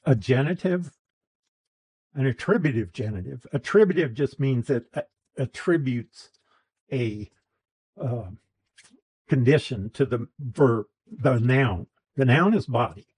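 A man's voice: medium pitch, a little mellow, husky, rough recording. A man teaching a Bible class, explaining a verse's grammar patiently with restarts and asides.

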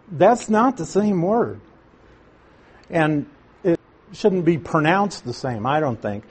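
A man teaching through a Bible passage verse by verse, slowing down to stress key words and asking his listeners questions. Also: fairly high pitch, a little mellow, husky. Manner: asks the audience questions.

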